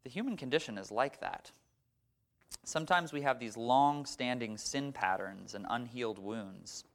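A man's voice: mid-range voice, normal speed, gravelly, fairly bright tone. A man giving a sermon as a pastor, telling stories in a conversational way with a few fillers. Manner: conversational storytelling, some fillers.

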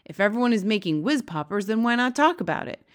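A woman's voice: mid-range voice, animated, fast, natural voice. A woman doing a big, friendly old giant with jumbled grammar. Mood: jolly. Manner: mangled made-up words and grammar.

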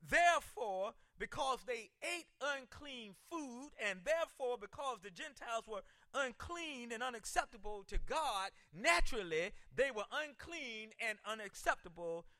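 A male pastor preaching a sermon, driving points home with shouted emphasis and stumbling repeats. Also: very high voice, expressive, unhurried, hardly any pauses, dry recording.

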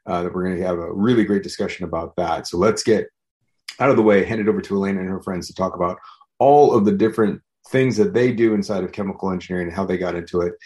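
A man's voice: low-pitched, a little mellow. A young man hosting a podcast, introducing the episode in a loose, casual way. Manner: quick, loose talk with fillers. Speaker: podcast host.

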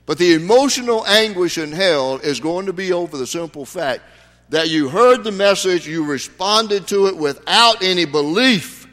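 A bright, fairly high-voiced man preaching a sermon, folksy and conversational, then building to sudden emphatic peaks. His voice carries a long reverb, as in a large church sanctuary. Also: expressive, normal speed. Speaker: pastor.

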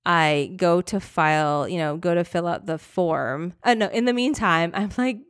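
A woman's voice: on the low side, normal speed, smooth, dry recording, clean studio sound. Chatty young woman podcast host. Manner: animated, rambling, lots of "like" and self-corrections. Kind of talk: casual storytelling.

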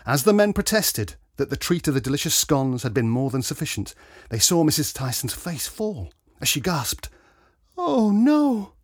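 A man reading a story aloud with gentle expression. His voice moves through a lively, animated range with a slightly husky grain. The sound is close and dry. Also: mid-range voice, normal speed, dry recording. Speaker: narrator.

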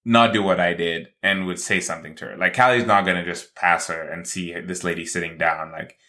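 A man telling a hiking story in casual chat with his wife, animated and acting out his thoughts. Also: low voice, fairly quick.

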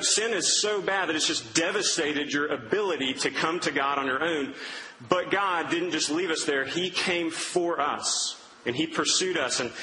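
A man's voice: a little high, background noise. A young man preaching a sermon in a casual, storytelling way, acting out quotes. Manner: conversational, storytelling with acted-out quotes. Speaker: pastor. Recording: reverberant hall with faint ambience.

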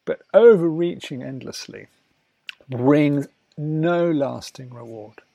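Slow gravelly man guiding relaxation. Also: a little high, no echo. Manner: slow, soothing, drifts between soft murmurs and louder asides. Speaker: wellness teacher. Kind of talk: guided talk on breathing and relaxation.

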